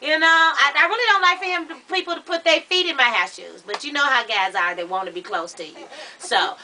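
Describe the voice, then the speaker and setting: A woman's voice: high voice, a little fast, a little hiss or hum. Cousin Patches, a woman doing a sassy, brassy matriarch. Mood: sassy, boastful. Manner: loud, sassy, drawling storyteller. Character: brash, boastful middle-aged woman, a family matriarch. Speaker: comedy character host. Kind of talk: improvised comedy chat.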